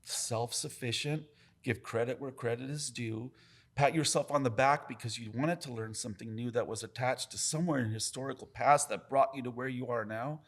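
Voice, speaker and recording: A tattoo artist, talking on a podcast. He is blunt and profane, and he keeps the stories coming with an animated, storytelling push. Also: medium pitch, normal speed. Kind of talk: casual podcast conversation.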